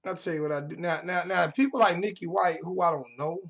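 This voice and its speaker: Gravelly high-voiced man ranting. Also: brisk, a bit bright. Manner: confrontational, trash-talking chat members; repeats phrases for emphasis. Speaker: livestream host. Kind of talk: heated livestream rant. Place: home.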